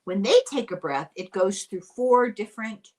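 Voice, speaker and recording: An older woman from Ireland, hosting a casual podcast chat, animated and quick to laugh. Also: medium pitch. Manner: chatty and animated, laughs often. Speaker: podcast host.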